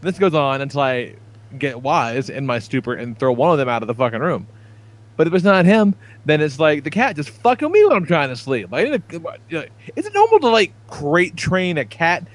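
A man's voice: on the high side, very animated, moderate pace. Rambling, profane man on a podcast. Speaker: podcast co-host. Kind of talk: casual podcast chat.

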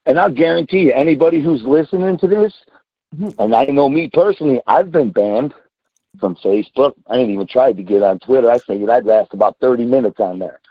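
A man's voice: mid-range voice, brisk, dry recording, muffled recording. A man in his sixties, a trucker calling in, ranting bluntly and cursing freely in casual talk. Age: 60s. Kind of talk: casual call-in rant.

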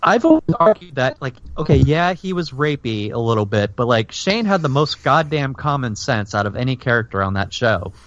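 Animated, profane man from Florida. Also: medium pitch, normal speed, hardly any pauses, no room sound. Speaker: podcast host. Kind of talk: casual podcast chat. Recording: lo-fi dull sound.

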